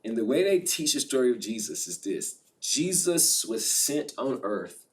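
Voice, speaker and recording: A man, a spiritual advisor guest, retelling a story in a lively, slangy way with laughs. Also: mid-range voice, unhurried, far from the mic. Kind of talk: animated storytelling in casual chat.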